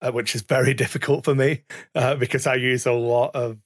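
A man's voice: medium pitch, fairly even intonation, a little fast, no room sound. Man, casual podcast chat, rambling, self-correcting, swears, dry close sound. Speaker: podcast co-host. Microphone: studio mic, sometimes too far from it.

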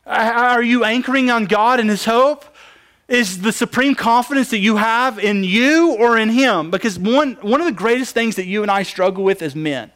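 A man's voice: high voice, fairly bright tone. A man preaching a sermon, asking the congregation questions and answering them with emphasis. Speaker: pastor.

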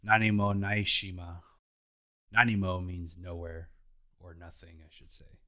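In a casual recap chat, a podcast host slowly retells anime episodes in a laid-back, playful way, putting on voices for the characters. His deep voice stays steady, pushed, and bright.

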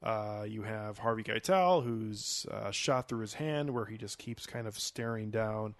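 A man's voice: on the low side, unhurried, no room sound, clean studio sound. A man co-hosting a podcast, laid-back and hesitant, talking about a film with lots of uhs. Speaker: podcast co-host. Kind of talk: casual film discussion.

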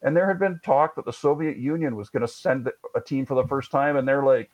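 A man's voice: medium pitch, brisk, hardly any pauses. A man tells a long history story in easy conversation, full of trivia and dry side jokes. His voice sits in a middle register, and the recording is a little dull and lo-fi. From Canada. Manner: wry, chatty, rambling asides and jokes. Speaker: podcast host.

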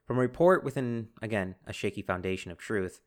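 A man hosting a casual history podcast, telling the story with animated bursts and acted-out quotes. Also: lowish voice, brisk. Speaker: podcast host.

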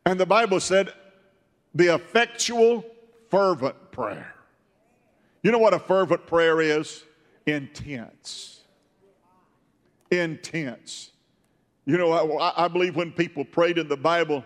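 A fervent older male preacher with a fairly high voice, swinging from quiet storytelling to ringing shouts. His sermon carries through a church with a long reverb. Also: a little slow. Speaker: pastor. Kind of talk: Pentecostal sermon.

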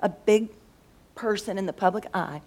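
A woman at a middle pitch chats about faith in a loose, rambling way. She thinks aloud, trails off, and hunts for the right words as she goes. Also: normal speed, a little mellow. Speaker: schoolteacher and co-host. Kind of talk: casual faith discussion.

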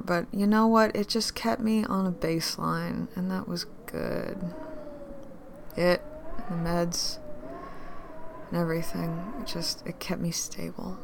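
In an audio drama monologue, an actress plays a drunk woman who is grieving and bitter, her voice moving between whispers and louder outbursts. Her voice sits lowish, with a slight hiss or hum in the recording.

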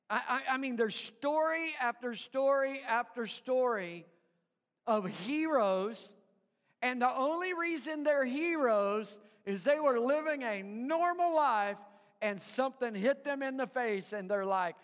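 High-voiced man preaching in an echoing hall. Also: expressive, unhurried, a bit bright. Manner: emphatic, call-and-response with the congregation; stammering repeats of words. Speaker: pastor. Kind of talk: sermon. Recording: live sermon with long hall reverb.

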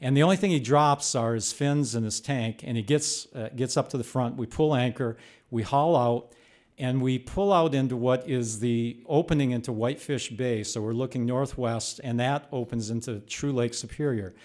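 Older man telling a lively story. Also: mid-range voice, normal speed. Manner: animated, rising to shouts when reliving the chaos. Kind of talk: live personal storytelling.

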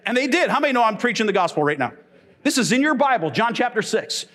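A middle-aged man preaches from the pulpit, telling funny stories with an animated, playful delivery. His voice sits high and leaps all over the place. The pitch swings widely, and he laughs freely between his points. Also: fast talker, gravelly. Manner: animated, humorous storytelling preaching, laughs often. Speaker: pastor. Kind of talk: sermon. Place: church.

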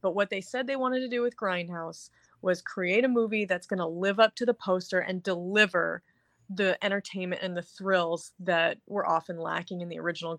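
A woman's voice: lowish voice, a bit bright, no room sound. A woman co-hosting a casual movie review chat, talking enthusiastically and rambling with lots of filler words. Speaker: podcast co-host.

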